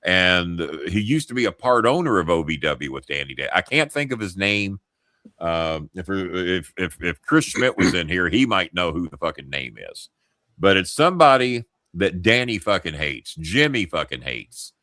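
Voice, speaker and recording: Middle-aged guy hosting, cussing and rambling through a story, lowish voice with a hard bright edge. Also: very animated, normal speed, no room sound, clean studio sound. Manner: profane, rambling, self-interrupting. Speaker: host. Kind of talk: casual storytelling.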